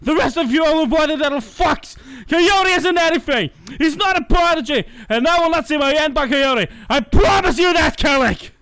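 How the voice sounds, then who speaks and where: A man voicing an edgy, bitter young villain who rants about dark power. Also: high-pitched, very animated, measured pace, no echo, heavily acted. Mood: ranting. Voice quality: yelling, overblown menace. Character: edgy ranting young male villain, bitter and self-important.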